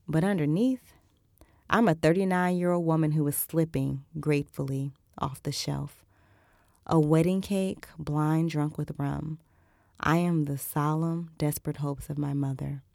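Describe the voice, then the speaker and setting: A woman reading first-person erotic fiction aloud in an intimate, measured way. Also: sits low, gravelly, a little mellow, dry recording, studio quality. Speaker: audiobook narrator.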